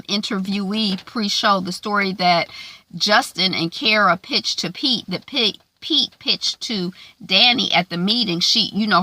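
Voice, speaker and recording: A woman's voice: mid-range voice, pushed and bright. A woman giving a casual, chatty recap of a TV episode, with plenty of fillers along the way. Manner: chatty, filler-heavy retelling. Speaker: TV recap vlogger.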